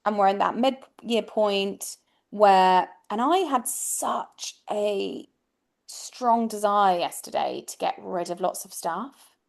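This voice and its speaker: A woman's voice: medium pitch, slow, creaky. A woman astrologer, a guest on a podcast, speaking reflectively in casual chat and often restarting her thoughts.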